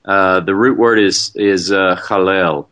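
A man's voice: deep voice, fairly even intonation, slow, a bit bright. An older man in a casual Bible discussion who speaks hesitantly, with many fillers, while explaining Hebrew words.

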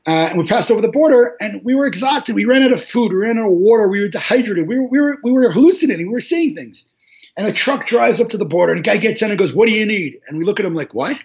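Guy, high voice, telling a story all animated, kinda muffled audio. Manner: animated, repetitive restarts, laughs while telling. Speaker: interview guest, charity organizer. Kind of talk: emotional storytelling interview. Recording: dull lo-fi audio.

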